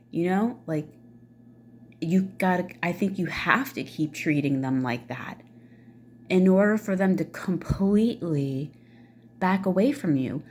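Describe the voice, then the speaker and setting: A woman's voice: lowish voice, measured pace, a little mellow, slight background noise. A middle-aged woman ranting casually to camera, blunt and swearing freely, with many fillers. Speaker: vlogger.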